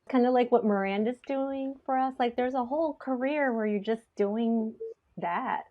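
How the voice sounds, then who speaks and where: A woman's voice: fairly high pitch, normal speed. A woman hosting a podcast in casual chat, rambling along with lots of fillers. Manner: chatty, rambling with many fillers. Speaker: podcast host. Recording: slightly dull lo-fi sound.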